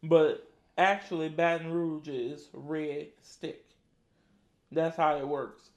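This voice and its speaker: A man's voice: on the high side, steady tone, slow, dull audio. A man with a New Orleans accent, chiming in with laid-back casual remarks. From New Orleans, Louisiana. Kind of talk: casual chat while eating. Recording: roomy echo.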